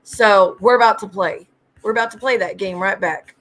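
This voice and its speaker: A woman's voice: mid-range voice, moderate pace, fairly bright tone. A woman hosting a casual livestream, greeting viewers by name and ranting bluntly with lots of swearing. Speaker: livestream host.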